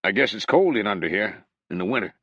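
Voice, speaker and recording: A man voicing a stern older rural hog owner from who speaks in a slow, dry drawl. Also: fairly low pitch, animated, pushed and bright, dry recording, highs cut off, exaggerated voice. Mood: dry shrewd.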